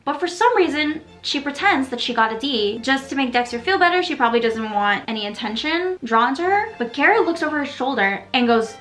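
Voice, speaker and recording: A woman's voice: high voice, animated, brisk, hardly any pauses, fairly bright tone. Sassy young woman recapping a show. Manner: playful and gossipy, sassy asides and acted quotes. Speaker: video creator recapping a TV episode. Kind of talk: casual recap commentary.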